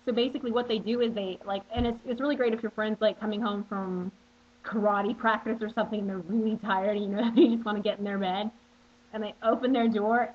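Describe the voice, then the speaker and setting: A young woman in her twenties chatting to camera as she answers viewer questions, bubbly and playful, with plenty of asides. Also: mid-range voice. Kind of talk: casual chat to camera. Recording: dull lo-fi webcam audio.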